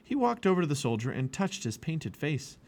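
A man reading a children's chapter book aloud with expressive storytelling. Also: fairly high pitch, normal speed. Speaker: family podcast reader.

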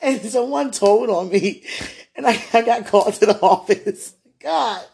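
Woman with a gravelly raspy voice, chatty storyteller, laughs a lot while talking about her old teaching job. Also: fairly high pitch, a little slow. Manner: chatty, laughs often, animated retelling. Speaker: former childcare teacher. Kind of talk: casual storytelling in an interview.

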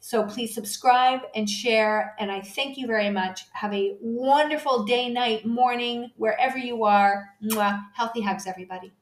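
A woman's voice: fairly high pitch, normal speed, few pauses. A middle-aged woman hosting a self-help podcast as a menopause coach, emphatic and encouraging, often checking in with "okay?". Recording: echoey room.

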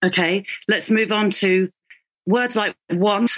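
A woman's voice: medium pitch, slow pace, fairly bright tone. A woman working as an accent coach who explains sounds patiently and praises her student often. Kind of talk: patient instruction.

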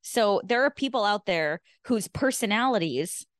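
Animated woman co-hosting a podcast. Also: medium pitch, dry recording, clean studio sound. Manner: animated, laughs, quick reactions. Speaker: podcast co-host. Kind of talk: casual chat.

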